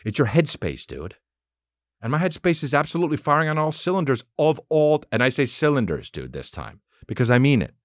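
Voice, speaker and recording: Man, podcast host, lively swooping pitch, rambling and swearing, dry close sound. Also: fairly quick, dry recording. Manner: animated, rambling, heavy swearing. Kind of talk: casual comedic monologue.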